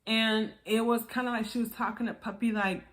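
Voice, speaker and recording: A woman's voice: a little high, fairly quick. A woman casually reviewing a reality TV episode, acting out the cast's lines and laughing along. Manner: animated, acts out quotes with laughs. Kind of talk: casual recap commentary.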